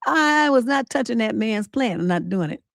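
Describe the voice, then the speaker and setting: A middle-aged woman, a relationship coach and livestream host, telling a personal story in a casual, animated way, acting out quotes with attitude and cursing freely. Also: on the high side, moderate pace, vocal fry, no room sound, clean studio sound. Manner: animated, sassy storytelling with acted-out quotes and swearing.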